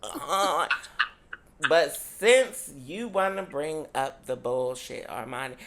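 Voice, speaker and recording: An American woman co-hosts a laid-back podcast in a low voice, speaking slowly but with lively intonation. She's sassy, swears freely, and calls everyone "honey" nonstop.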